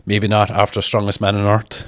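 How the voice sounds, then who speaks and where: A man's voice: fairly low pitch, monotone, moderate pace, no echo, studio quality. A man, chatting casually as he reads viewer comments aloud and answers each one in a blunt, mocking, sweary way. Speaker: strongman reading viewer comments. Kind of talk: casual chat.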